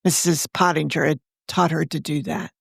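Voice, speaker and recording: Gravelly low-voiced woman storyteller. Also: steady tone, no room sound, studio quality. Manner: measured, wry storyteller. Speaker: author narrating her own story. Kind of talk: scripted storytelling narration.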